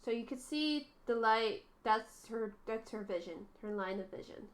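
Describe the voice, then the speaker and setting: High-voiced chatty woman streamer. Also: a little slow. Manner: chatty, addresses viewers. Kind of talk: casual game commentary.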